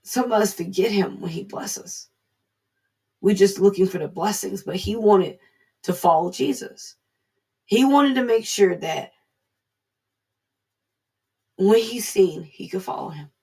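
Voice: medium pitch, measured pace, long pauses, mellow, husky. A speaker giving an informal devotional talk, earnest and repeating key phrases for emphasis.

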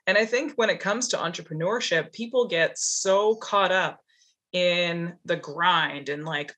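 A woman's voice: fairly low pitch, unhurried, a bit bright. A woman from Canada hosting an interview, talking with enthusiasm and reflection and laughing often. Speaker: podcast host. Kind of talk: casual interview chat.

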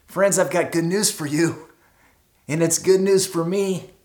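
A pastor preaches a dramatic sermon, rising to loud emphatic peaks and dropping to hushed stretches. Words and phrases come back again and again for weight. The voice sits mid-pitch and rings in a roomy, echoey hall. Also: measured pace. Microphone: streamed service mic.

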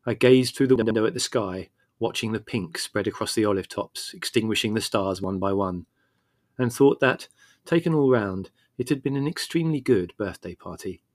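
A man's somewhat low voice carries a scripted audiobook narration, paced in a measured way and told expressively. The recording is clean studio audio without any room sound.

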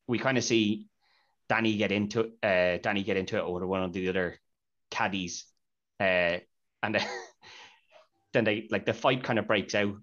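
A man's voice: lowish voice, a bit bright. A man hosting a podcast, chatting casually about a film and retelling scenes with quoted lines. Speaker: podcast host. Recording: dull lo-fi podcast audio.

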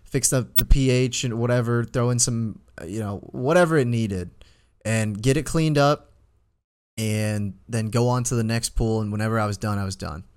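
A man's voice: medium pitch, moderate pace, darkish tone, smooth. A young man in his twenties, co-hosting a podcast and telling a rambling story full of fillers in casual chat. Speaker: podcast co-host.

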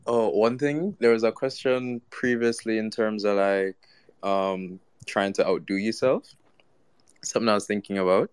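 A man with a very low voice talks reflectively about his craft in a measured way. The sound is dry and close. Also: fairly even intonation, clean tone, dry recording. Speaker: artist guest. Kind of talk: casual online group chat.

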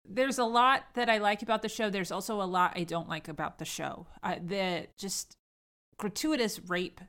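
A woman's voice: medium pitch, moderate pace, fairly bright tone. Chatty woman hosting a podcast. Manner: chatty, emphatic, frequent agreeing interjections. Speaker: podcast host. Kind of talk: casual chat.

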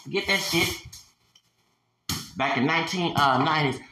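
A man's voice: fairly high pitch, normal speed, a little hiss or hum. Angry, profane man in his forties. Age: 40s. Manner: angry profane ranting, stammering restarts; swings into loud heated bursts. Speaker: podcast host. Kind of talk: solo podcast rant.

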